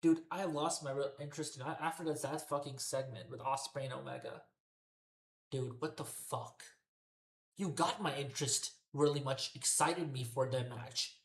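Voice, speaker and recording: This woman has a bass voice and a moderate pace as she furiously reviews a wrestling show. She swears constantly and repeats herself in exasperation, with the sound bouncing around a roomy, echoey room.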